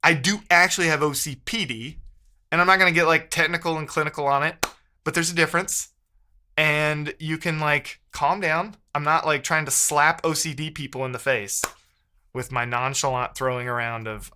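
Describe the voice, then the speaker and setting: Bright-voiced man ranting on a livestream. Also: fairly high pitch, moderate pace. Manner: rambling, frustrated, self-correcting. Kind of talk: casual livestream chat.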